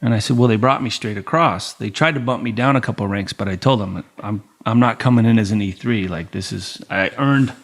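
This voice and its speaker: Man telling military stories, animated. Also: fairly low pitch, a little fast, hardly any pauses. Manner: animated, acts out dialogue with quoted voices, swears casually. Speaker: podcast guest. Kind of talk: casual storytelling interview.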